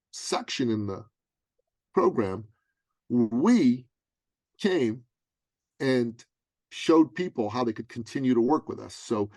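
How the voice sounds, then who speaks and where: A middle-aged man guesting on an interview, telling a personal story with lively, dramatic emphasis. His voice sits in an ordinary middle register, recorded close with no room sound. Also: mid-range voice, no echo. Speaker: guest, business coach.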